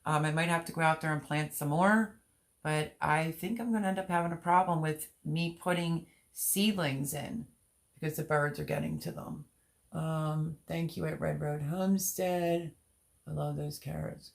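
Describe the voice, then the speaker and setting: Low-ish voiced woman rambling on her garden live stream, reading chat comments, super casual. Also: fairly even intonation, normal speed, creaky. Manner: chatty and rambling, talks while showing seed packets; reads viewer comments aloud and answers them. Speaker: gardening channel host.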